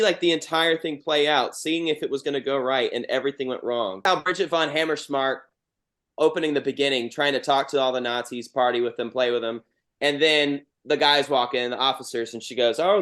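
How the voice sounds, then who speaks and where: Mid-pitched man retelling film scenes. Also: fairly quick, fairly bright tone. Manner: retells scenes at length, with fillers. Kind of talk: casual film discussion.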